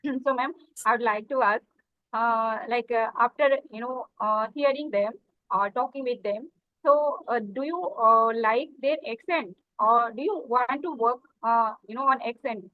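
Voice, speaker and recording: Woman interviewer, fairly high voice, dry, dull lo-fi sound, halting, fillers. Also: dry recording. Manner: halting, leans on "you know" and "uh". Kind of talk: conversational English practice interview.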